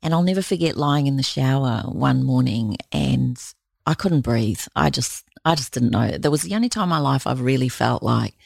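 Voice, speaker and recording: A woman's voice: extremely low pitch, expressive, moderate pace, creaky, darkish tone, no echo, studio quality. An Australian woman telling candid personal stories as an interview guest, earnest and confiding. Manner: earnest, confiding, acts out quoted voices.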